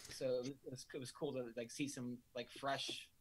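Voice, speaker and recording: A man chatting as a guest comedian, talking in a halting way with repeated words and quoting people. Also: mid-range voice, flat delivery, husky. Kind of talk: casual chat.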